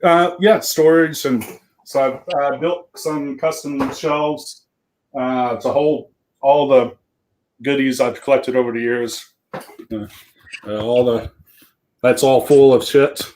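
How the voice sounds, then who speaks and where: A man's voice: medium pitch, steady tone, slow, darkish tone, a little hiss or hum, rough recording. A man guest on a livestream, talking laid-back with dry humor from his game room at home. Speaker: guest, tournament organizer. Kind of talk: casual livestream chat.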